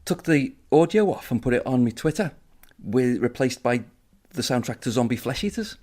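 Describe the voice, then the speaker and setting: A man co-hosting a chat show, sharing anecdotes in a relaxed way. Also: mid-range voice, moderate pace. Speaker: co-host. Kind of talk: casual chat.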